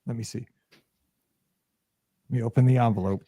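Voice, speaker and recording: A man hosting a podcast, chatting casually as a rambling, animated storyteller full of fillers. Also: medium pitch, moderate pace, slight background noise. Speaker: podcast host.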